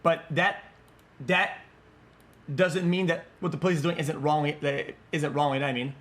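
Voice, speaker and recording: A high-pitched man reacts to a video on a live stream. He talks bluntly, swears freely and repeats words in quick bursts. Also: steady tone, fairly bright tone.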